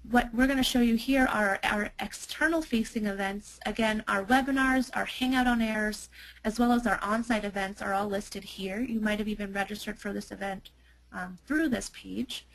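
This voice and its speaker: Chatty woman with a gravelly edge. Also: medium pitch, rough recording. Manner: chatty, many fillers and restarts. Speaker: marketing presenter. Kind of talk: webinar product demo.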